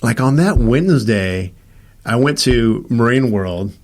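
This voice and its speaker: A man who hosts tells a personal story in casual conversation, acting out what the people in it said and restarting often. His medium-pitched voice is animated, unhurried, and darkish in tone.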